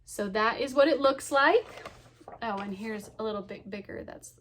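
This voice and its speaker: A woman's voice: a little high, moderate pace, fairly bright tone, a little hiss or hum. Chatty woman vlogging about her stitching. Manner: chatty, lots of ums and so yeahs; cheerful, laughs often. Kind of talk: casual chat to camera.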